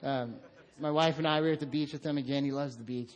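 A middle-aged man preaching a sermon, telling stories about his son and acting out voices. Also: quick pace. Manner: animated storytelling, acts out his son in a high voice. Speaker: pastor.

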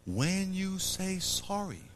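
A man's voice: high voice, slow pace, a little hiss or hum. A man preaching a sermon to a live audience, acting out little scenes, repeating himself and quizzing the crowd. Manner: animated, acts out little scenes and quotes.

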